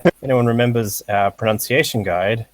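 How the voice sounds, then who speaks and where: A man teaching a casual lesson over a voice call, halting with fillers and short laughs. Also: medium pitch, no room sound, low-quality recording. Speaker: language teacher.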